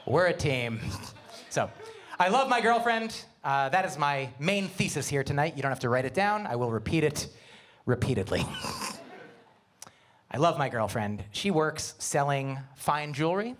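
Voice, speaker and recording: A middle-aged man doing a stand-up comedy set, animated, with quick asides and wordplay. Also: fairly high pitch. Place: comedy venue with live audience.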